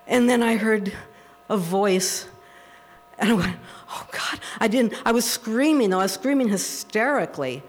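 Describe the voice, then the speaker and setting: Woman telling a personal story, laughing. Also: medium pitch. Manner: animated, breaks into laughter.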